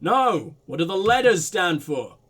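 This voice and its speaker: A man's voice: high voice, sing-song, unhurried, a bit bright, full character voice. A man voicing a blunt, impatient police detective who questions in a probing, exasperated way. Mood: pressing, impatient.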